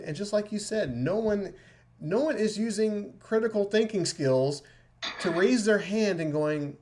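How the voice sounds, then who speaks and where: Emphatic male podcast co-host with a fairly high voice who voices other people's quotes. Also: darkish tone. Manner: emphatic, acts out quoted remarks. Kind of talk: casual political chat.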